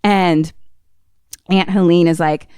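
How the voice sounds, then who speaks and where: A woman podcast co-host casually retelling a film plot, animated and swearing often. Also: lowish voice, takes it slowly, clean tone, no room sound, clean studio sound.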